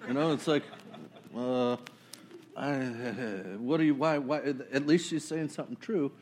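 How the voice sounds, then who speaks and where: A man preaching a casual sermon, talking it through conversationally and acting out quotes in a lively way. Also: normal speed. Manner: conversational, acts out quotes with sudden high jumps and laughs. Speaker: pastor.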